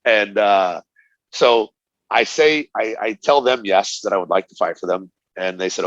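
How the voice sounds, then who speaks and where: A retired fighter, now middle-aged, is the guest in a casual storytelling interview, narrating with energy, voicing dialogue, and often laughing. He has a lowish voice and measured pace, and the audio is dull with slight background noise.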